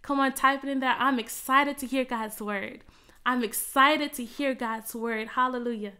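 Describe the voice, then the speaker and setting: A woman minister with a fairly high voice, praying fervently and filling her lines with soft murmured asides. Between prayers she talks to her online viewers in an easy, chatty way, urging them to type replies in the chat. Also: steady tone, normal speed, smooth. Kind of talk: prayer and sermon on a virtual service.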